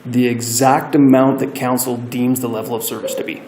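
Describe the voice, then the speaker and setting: A man's voice: medium pitch, little pitch movement, moderate pace. A man who heads public works answers council questions in a casual, slightly stammering manner. His voice sits in an echoey chamber with a faint hum of room noise. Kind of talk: council meeting discussion. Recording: roomy council chamber mic.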